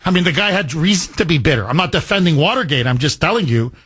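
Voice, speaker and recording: A man's voice: a little high, sing-song, fast talker, fairly bright tone, slightly rough, dry recording. A man hosting a call-in political talk radio show, talking emphatically with repeated phrases and rambling asides.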